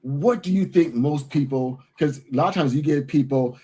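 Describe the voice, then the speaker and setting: A man co-hosting a stream who teases his co-host and jokes around in an animated way. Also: a little high, moderate pace, slight background noise. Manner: animated, teasing. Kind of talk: reaction commentary.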